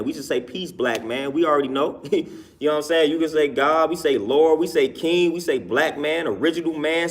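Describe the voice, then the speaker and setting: A man with a voice pitched a little above most men, talking casually to a live chat. He answers viewers' comments and repeats each point twice for emphasis, with short laughs between his points. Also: a bit bright.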